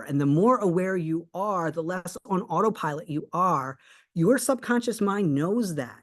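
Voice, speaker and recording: A manifestation coach giving a motivational talk and telling a personal story, earnest and emphatic, slowing right down on key points. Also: medium pitch. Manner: animated storyteller, acts out both sides of conversations.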